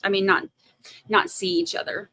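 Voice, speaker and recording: Hosting a livestream, a Massachusetts woman chats casually, pokes fun at herself, and reads viewer comments out loud. Her mid-range voice has a sharp tone, little pitch movement, and a normal pace. The recording is rough, with no echo.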